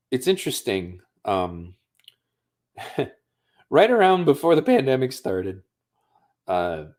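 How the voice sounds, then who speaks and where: This American streamer has a deep, darkish voice. Chatting casually on a livestream, he recounts a personal story in a profane, conversational style.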